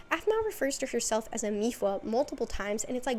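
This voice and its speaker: A woman's voice: on the high side, big pitch swings, quick pace, hardly any pauses, darkish tone, slight background noise. A woman hosting a video, chatting through a casual, rambling recap with lots of fillers and asides. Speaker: video host.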